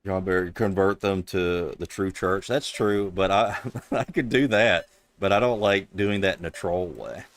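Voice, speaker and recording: A man's voice: low voice, normal speed. A man streamer in casual chat, telling stories in a rambling, amused way.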